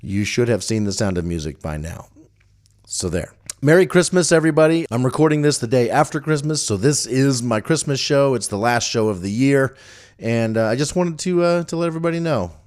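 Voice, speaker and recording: A man's voice: mid-range voice, lively intonation, brisk, a little mellow. A man hosting a casual solo podcast, rambling and chatty with frequent fillers and restarts. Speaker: podcast host.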